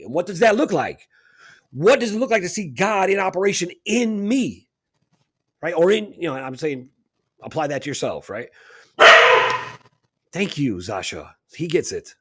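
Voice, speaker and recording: A man co-hosting a spiritual talk radio show, speaking in a fairly high, husky voice. He lectures with emphasis and drives each point home with rhetorical "right?" questions. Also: lively intonation, normal speed. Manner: emphatic, preachy, keeps asking "right?".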